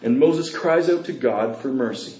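A man preaching a sermon and reading scripture aloud, with dramatic swings in pitch and pace. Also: normal speed, mellow. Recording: echoey room.

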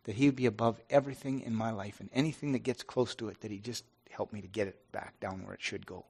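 A middle-aged pastor speaking earnestly and haltingly to his congregation, with many restarts. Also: lowish voice, fairly even intonation, gravelly, a little mellow, slightly rough. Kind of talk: informal devotional talk to a congregation.

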